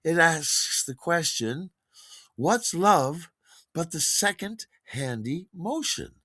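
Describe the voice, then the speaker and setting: A man's voice: a little high, lively intonation, slow pace, sharp tone, dry recording, clean studio sound, pitched above the performer's own voice, heavily acted. A man quoting a chatty, curious woman gossiping in a queue, in an earnest, gossipy tone.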